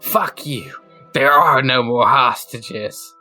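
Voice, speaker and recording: A man's voice: mid-range voice, slow pace, bright, forceful tone, no room sound, faint music behind, heavily acted. A man voicing a defiant male captor who answers with spite and contempt in a tabletop game. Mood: spiteful.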